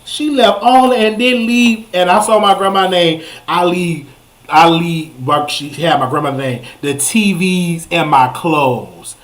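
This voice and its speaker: A young man hosting a talk show, telling a story in a comic rant that jumps up into high exclamations. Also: slow. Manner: animated, jumps to high exclamations, repeats himself. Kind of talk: comedic ranting storytelling.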